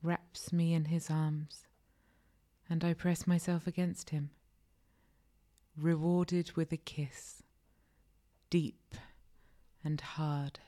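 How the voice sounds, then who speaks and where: Low, slow, breathy woman storyteller. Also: flat delivery, mellow. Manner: slow, breathy, often half-whispered. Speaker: narrator. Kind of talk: intimate first-person erotic audio story.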